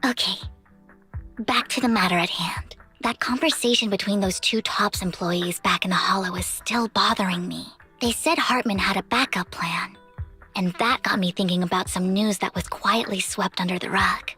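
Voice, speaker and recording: An actress voicing a composed, devoted young woman in a game, speaking in a measured, earnest way with a breathy voice. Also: medium pitch, pushed and bright, faint music behind, natural voice. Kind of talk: game voice acting.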